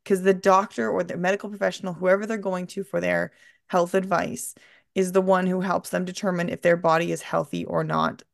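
A woman's voice: on the low side, flat delivery, a little fast, creaky, dry recording, clean studio sound. A woman hosting a podcast, speaking in an earnest, reflective way in a casual chat. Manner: earnest, reflective, retelling stories. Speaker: podcast host.

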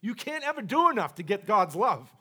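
A man preaching a charismatic sermon to a congregation in a church, passionate, swinging between loud exhortation and soft asides. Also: high voice, sing-song, fairly quick. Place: church sanctuary.

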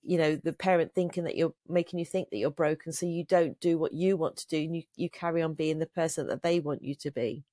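Middle-aged woman guest, earnest and reflective, lowish voice, dry close sound. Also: steady tone, brisk, few pauses, mellow, no room sound. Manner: earnest, reflective, with frequent restarts. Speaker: guest, trauma coach and author. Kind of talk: casual interview conversation.

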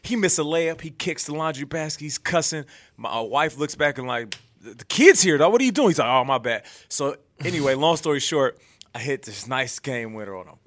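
A man's voice: mid-range voice, a little fast, dry recording. A man in his thirties, a podcast co-host, telling a story casually and acting out voices as he goes. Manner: animated storyteller acting out quotes. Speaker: co-host, former NFL player.

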